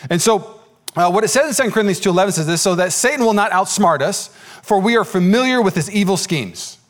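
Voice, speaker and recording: A male pastor preaching a sermon, telling stories in an animated way and acting out the voices of the people in them. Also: fast talker. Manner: animated storytelling, acts out voices in high pitch.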